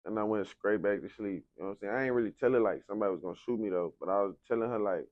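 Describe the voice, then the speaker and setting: Young man, low voice, casual slang storytelling, interview guest, dry dull recording. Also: racing, dry recording. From San Antonio, Texas. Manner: loose, street slang, constant "you know what I'm saying".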